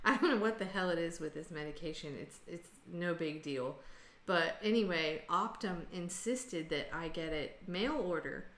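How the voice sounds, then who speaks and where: A woman's voice: lowish voice, moderate pace, fairly bright tone, reverberant. An American woman hosting a casual group video call, venting bluntly and sarcastically. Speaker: host.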